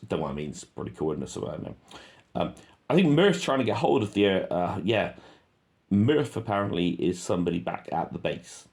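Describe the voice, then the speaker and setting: A man's voice: low-pitched, big pitch swings, a little fast, gravelly, darkish tone. A man reading a transcript aloud and commenting on it, in an offhand way with many ums and self-corrections. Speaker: reader and commentator.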